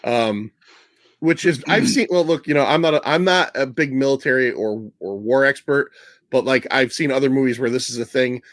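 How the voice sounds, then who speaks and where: A man hosting a casual movie podcast, retelling scenes with a laugh and quick put-on voices. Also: medium pitch, dry recording, studio quality. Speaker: podcast host.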